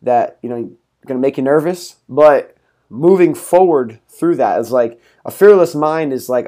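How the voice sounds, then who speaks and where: A man's voice: fairly high pitch, lively intonation, moderate pace, darkish tone. A young man hosting his own podcast in a casual solo talk, upbeat and rambling with lots of fillers and laughs. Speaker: podcast host.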